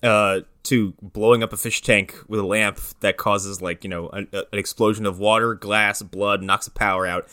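Sarcastic man with bright voice. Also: lowish voice, steady tone, normal speed, few pauses, dry recording, studio quality. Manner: sarcastic, riffing commentary. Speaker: podcast co-host. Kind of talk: casual movie recap chat.

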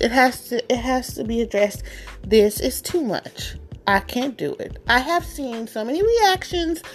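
High-voiced dramatic woman vlogger. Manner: dramatic, exasperated, repetitive; laughs often while talking. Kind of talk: casual chat.

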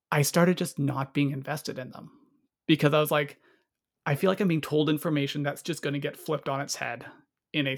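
A man chatting casually about a movie, rambling and cutting himself off, acting out lines in quotes. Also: a little high. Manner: rambling, self-interrupting, acts out quotes. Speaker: movie reviewer. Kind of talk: casual podcast chat.

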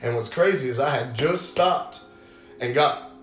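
A man's voice: medium pitch, unhurried, a bit bright, soft background music. A man in his twenties, a podcast guest telling profane, brash stories in casual chat. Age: 20s. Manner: brash, profane, tells stories with quoted voices. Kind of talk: casual storytelling. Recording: echoey room.

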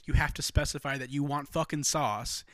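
A man's voice: on the high side, steady tone, moderate pace, a bit bright, no room sound. Rambling, profane young American man. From United States. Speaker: podcast host. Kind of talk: casual chat.

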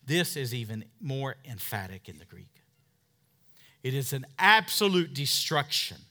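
This man in his thirties preaches as a pastor, emphatic and calling out for amens, alternating soft asides with loud, driving points. His medium-pitched delivery has a sing-song lilt and an unhurried pace.

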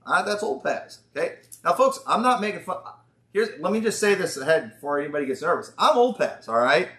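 A man's voice: on the high side, big pitch swings, fairly quick, fairly bright tone. A male pastor with a Southern accent preaching at a church conference, folksy and sarcastic, drawing out the words when he quotes. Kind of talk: conference sermon. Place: church hall. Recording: echoey church hall.

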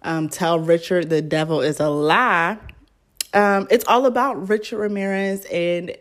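A woman's voice: fairly low pitch, steady tone, a little slow. A young woman hosting her own podcast, chatting casually and rambling with lots of fillers. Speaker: podcast host. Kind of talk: casual solo podcast chat.

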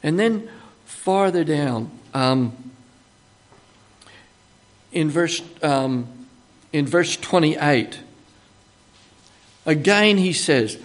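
An older Australian man delivers a sermon at an unhurried, deliberate pace. His voice sits a little higher than most men's. His teaching is conversational and full of asides, and it rises into emphatic bursts when he quotes God. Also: lively intonation. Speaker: preacher.

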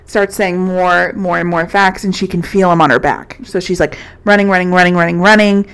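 Low-voiced woman recapping a book. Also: steady tone, brisk, a bit bright, clean tone. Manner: profane, rambling storyteller with many fillers. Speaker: podcast co-host. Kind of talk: casual book recap chat.

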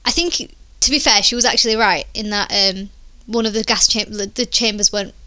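A woman's voice: mid-range voice, fairly even intonation, fairly quick, sharp tone, dry recording. A woman co-hosting a casual chat show, talking in a chatty, frank, opinionated way. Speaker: podcast co-host.

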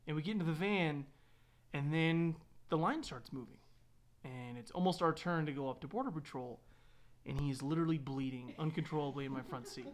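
Man, tour guide, relaxed storyteller who laughs a lot, slightly high voice. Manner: laughs often, relaxed, lots of restarts and quoted dialogue. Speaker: tour guide and van driver. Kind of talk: casual anecdote telling.

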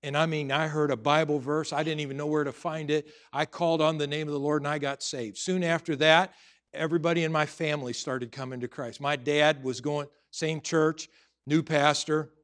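A man's voice: fairly high pitch, steady tone, moderate pace, fairly bright tone. A middle-aged man preaching a sermon as pastor, telling personal stories earnestly with frequent restarts and building to emphatic exhortation.

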